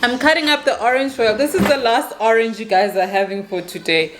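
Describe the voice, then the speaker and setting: A woman, chatting to camera as a vlogger and mother in her kitchen, animated and laughing as she talks. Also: on the high side, fairly quick, noisy background. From South Africa. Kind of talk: casual chat to camera. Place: home kitchen.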